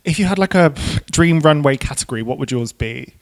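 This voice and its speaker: A man's voice: fairly high pitch, expressive, brisk, a little hiss or hum. A man in a casual interview about doing drag who is camp and chatty and swears freely between ums and likes. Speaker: drag queen guest.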